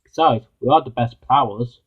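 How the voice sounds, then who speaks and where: A man's voice: medium pitch, normal speed, husky, narrow, tinny audio, lightly acted. A man voicing a cheeky, boastful male engine in a homemade toy-train story.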